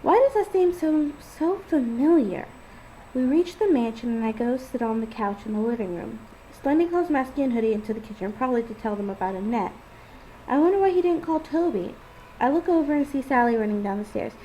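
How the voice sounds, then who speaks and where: A woman's voice: a little high, expressive, brisk, mellow, slight background noise, rough recording. A woman casually reading her own first-person story aloud. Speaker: fan fiction author and reader.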